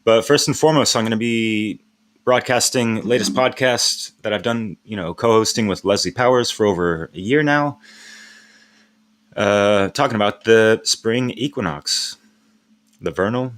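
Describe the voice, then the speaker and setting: Laid-back, slangy man with a lowish voice. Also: fairly bright tone. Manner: laid-back, rambling, slangy, laughs often. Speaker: live stream host. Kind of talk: casual live-stream chat.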